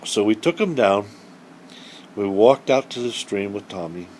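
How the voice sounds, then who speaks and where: Animated folksy male storyteller. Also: on the low side, a little slow, slight background noise. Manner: animated, folksy, acts out the voices of the people in his story. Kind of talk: true story told aloud to children.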